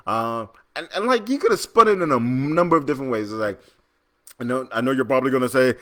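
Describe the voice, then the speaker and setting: A man in the host's chair, venting about current events in loose, conversational commentary. He sounds incredulous and worked up, often stopping to restart his sentences. His voice sits at an ordinary middle pitch. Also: a little fast. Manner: animated, exasperated ranting with many restarts. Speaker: podcast host. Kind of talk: casual political commentary.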